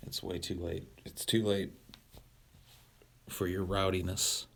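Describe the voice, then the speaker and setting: Young male streamer, very low husky voice, crude and rambling, bossing his chat around. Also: level tone, slow pace. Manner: profane, rambling, mock-commanding. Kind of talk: casual livestream chat.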